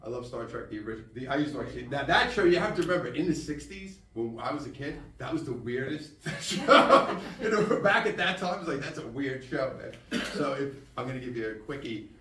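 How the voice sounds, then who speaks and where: A man in his sixties giving a casual, animated live talk to an audience as a spiritual teacher. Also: medium pitch, fairly quick, few pauses. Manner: casual, storytelling, animated with laughs and acted-out quotes. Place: room with an audience. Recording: roomy echo, mic at a distance.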